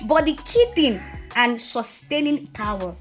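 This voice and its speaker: A woman's voice: fairly high pitch, measured pace, faint music behind. Earnest woman sharing testimony. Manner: earnest, animated storytelling with laughter. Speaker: podcast guest. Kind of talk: candid personal testimony.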